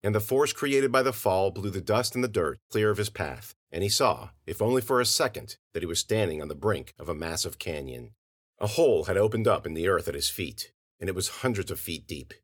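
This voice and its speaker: A man narrates a scripted audio story in a low voice. His delivery is expressive and lively, swinging widely in pitch as he tells it. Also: brisk.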